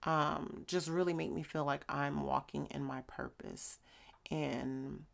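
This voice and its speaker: A woman's voice: low-pitched, steady tone, takes it slowly, gravelly. A young adult woman talking casually to camera in her vlog, chatty and heartfelt, with frequent fillers. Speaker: vlogger.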